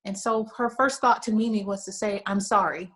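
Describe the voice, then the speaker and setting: This American woman, a lingerie shop owner appearing on a talk show, talks a little fast in a fairly high, steady voice. Her emotional story comes out earnest and conversational, full of "you know" fillers, on a rough recording.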